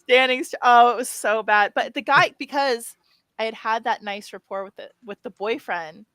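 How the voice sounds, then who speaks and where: A woman in her thirties co-hosting a podcast, telling a story in a lively, laughing way. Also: a little high, normal speed, no echo. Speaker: podcast co-host. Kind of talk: casual chat, storytelling.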